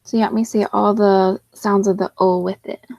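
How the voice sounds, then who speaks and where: A woman's voice: medium pitch, little pitch movement, brisk, a little mellow, no echo. A woman teacher taking part in a reading workshop over a video call, tentatively checking what she is asked to do. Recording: dull, lo-fi video call audio.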